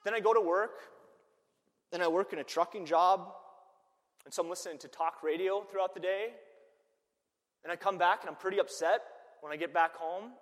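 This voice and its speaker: A man voicing an angry middle-aged trucker father who vents loudly and with exasperation. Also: sits high, moderate pace, pauses often, long reverb tail, pitched above the performer's own voice, close to an everyday voice. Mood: fed up. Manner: loud exasperated venting.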